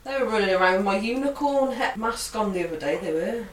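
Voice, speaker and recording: A woman's voice: mid-range voice, animated, fast talker, recorded from a distance. A woman co-hosting a casual podcast, reading out odd news stories with laughing, swearing banter. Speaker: podcast co-host. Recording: roomy recording from off-mic.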